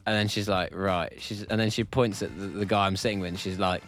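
A man hosting a radio show, telling a long anecdote with dry, quick wit. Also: fairly low pitch, steady tone, a bit bright, soft background music. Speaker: radio host. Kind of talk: casual studio banter. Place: radio studio.

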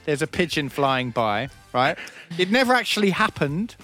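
A man's voice: on the high side, moderate pace, soft background music. A man hosting a casual comedic radio chat, telling stories with lots of laughter and acting out the grumpy people he describes. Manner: animated storyteller, laughs a lot, acts out grumpy locals. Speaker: radio show host.

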